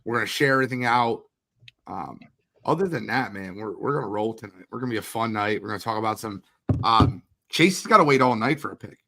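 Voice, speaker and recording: A man hosting a livestream draft watch party, hyped and talking quickly, shouting out guests and asking viewers to share. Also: lowish voice, creaky. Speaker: host. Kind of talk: energetic livestream chat.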